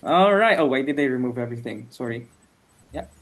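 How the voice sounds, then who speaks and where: The teacher in this online English lesson, held by video call, speaks at a middling pitch with lively intonation. Students get quick, encouraging praise as they respond, delivered patiently with a frequent "okay, very good."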